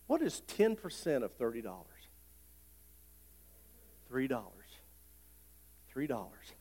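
A middle-aged male pastor, preaching a folksy sermon that swells into loud, repeated declarations. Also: medium pitch, wildly swooping pitch, slow, husky. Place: church sanctuary. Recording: long hall reverb.

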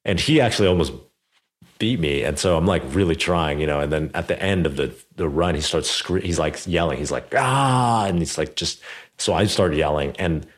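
Male podcast host, very low pitch, casual rambling storytelling, filler-heavy. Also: fairly quick. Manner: animated, many fillers like "like" and "you know".

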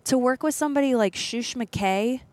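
A woman's voice: fairly high pitch, moderate pace, dry recording. A woman co-hosting a podcast, telling a story in casual chat and acting out the people she quotes. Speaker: podcast co-host.

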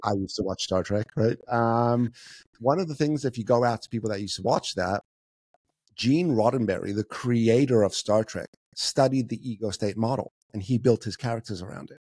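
A man guest in a casual interview, explaining ideas with lively analogies. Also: on the low side, normal speed, breathy edge, no echo. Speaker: guest, communication coach.

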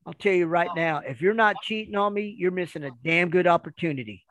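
A woman's voice: lowish voice, a little fast, fairly bright tone, no echo, lightly acted. A man voicing a blunt, suspicious wife. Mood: dry. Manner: blunt, dry.

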